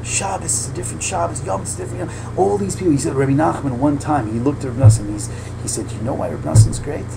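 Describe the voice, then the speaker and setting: A man, a rabbi, teaching an informal lesson in a lively, slangy way that often builds to loud fervor. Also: fairly high pitch, creaky, noisy background. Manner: animated, heavy slang, quick asides, rising to loud fervor.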